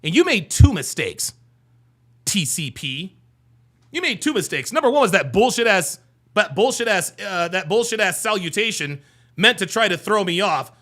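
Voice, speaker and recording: A man hosting a live stream, firing back at chat comments in a profane, mocking rant. His voice sits high and leaps all over the place, with a bright, forceful tone. He sounds animated and scornful throughout. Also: normal speed. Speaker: livestream host reading chat.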